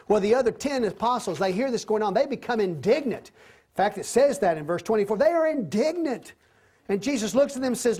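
A man teaching a Bible study, retelling the story with animated, repeated emphatic phrases. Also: very high voice. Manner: softer, slower closing prayer.

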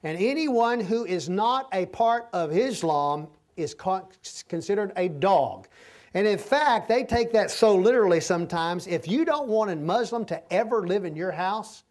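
A man preaches through a passage in a loose, conversational way, explaining as he goes. His voice sits high for a man. He keeps pausing to make sure his listeners are keeping up. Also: expressive, a little mellow. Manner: folksy, repeatedly checks in with the listeners. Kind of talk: conversational verse-by-verse sermon.

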